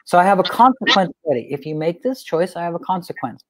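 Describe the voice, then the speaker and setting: A man teaching about parenting in a conversational way, an animated storyteller who repeats phrases for emphasis. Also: high-pitched, fast talker, few pauses, no echo. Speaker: guest speaker on parenting.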